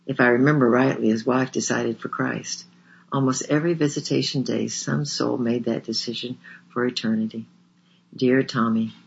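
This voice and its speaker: A man reading a memoir aloud in a measured, earnest way, in a slightly dull lo-fi recording. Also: mid-range voice, gravelly, slight background noise. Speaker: audiobook narrator.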